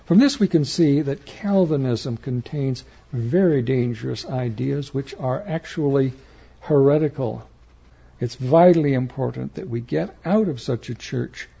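A man preaching a slow, measured sermon in an earnest, emphatic manner. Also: mid-range voice, animated, gravelly, warm tone, slightly rough. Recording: dull lo-fi recording.

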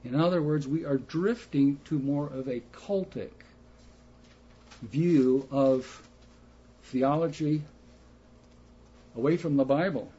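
A man preaching a sermon slowly and emphatically, putting rhetorical questions to his listeners. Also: on the high side, warm tone, slightly rough. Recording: muffled lo-fi recording.

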